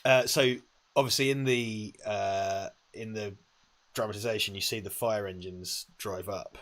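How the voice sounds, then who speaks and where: Man, slightly low voice, casual co-host chat, sweary, rambling, lapel mic. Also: fairly even intonation, unhurried, a bit bright. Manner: rambling and sweary, emphatic retellings. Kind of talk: casual watch-party chat. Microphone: lavalier.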